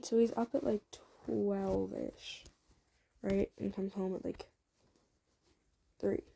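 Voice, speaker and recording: A woman's voice: mid-range voice, fairly even intonation, slow pace, creaky, dark tone, a little hiss or hum. A woman improvising a fan-fiction story, rambling casually with many asides and fillers. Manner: rambling, lots of "like", self-commenting.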